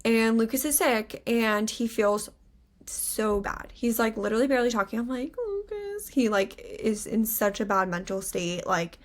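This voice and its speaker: A woman's voice: a little high, normal speed. Chatty young woman telling a story. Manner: animated storyteller, acts out quotes, many "like" fillers. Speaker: podcast co-host. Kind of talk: casual chat, storytelling.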